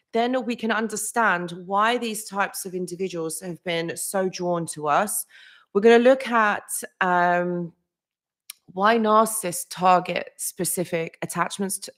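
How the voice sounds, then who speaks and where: Woman, livestream host, casual chatty talk, loose restarts, a bit low-pitched. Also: fairly bright tone. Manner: chatty, greets viewers by name, lots of "literally" and "like"; loose, with frequent restarts and small laughs. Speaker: psychology channel host. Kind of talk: casual live-stream talk.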